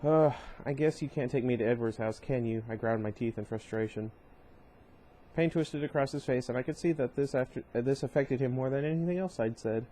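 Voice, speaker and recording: A man's voice: mid-range voice, brisk, warm tone, slight background noise, low-quality recording. A man reading a novel aloud in a casual way, stopping now and then to comment and correct himself. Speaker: reader of a novel. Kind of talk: casual read-aloud with asides.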